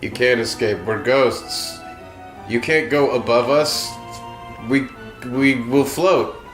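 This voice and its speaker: A man's voice: medium pitch, takes it slowly, reverberant, soft background music, natural voice. Man voicing a taunting train ghost. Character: persistent ghost on a phantom train, male.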